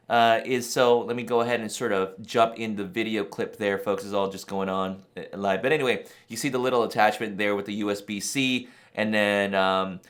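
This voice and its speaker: A man hosting a camera channel, reacting to a new release in a rambling, excitable way and laughing in disbelief. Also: fairly low pitch. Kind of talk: excited casual reaction vlog.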